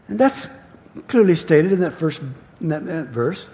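Slow, animated male pastor preaching. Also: on the high side, slightly rough. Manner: emphatic, halting with repeated words. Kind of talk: sermon. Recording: reverberant church hall.

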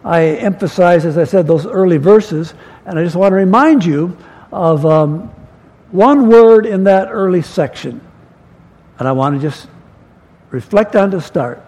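An older man preaching a sermon in a church, folksy and storytelling, with pauses and restarts. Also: sits high, lively intonation, darkish tone. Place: church sanctuary. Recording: long hall reverb.

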